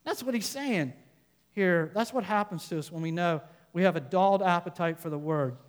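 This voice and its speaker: A man preaching a sermon as a pastor, building to loud emphatic points and then dropping to quiet asides. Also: high-pitched, normal speed, long reverb tail.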